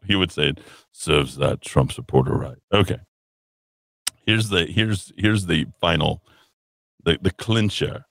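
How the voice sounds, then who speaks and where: This radio talk host has a low, creaky, fairly bright voice, speaks slowly, and pauses often on a dry recording. Reading an article aloud to ridicule it, he drops sarcastic asides, adopts a snooty voice to mock the writer, restarts himself, and chuckles at his own jokes.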